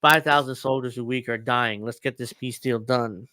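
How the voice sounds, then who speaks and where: A man's voice: mid-range voice, steady tone, normal speed, pushed and bright, no echo. A man hosting a casual political commentary show, reading news articles aloud and riffing on them sarcastically. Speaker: podcast host.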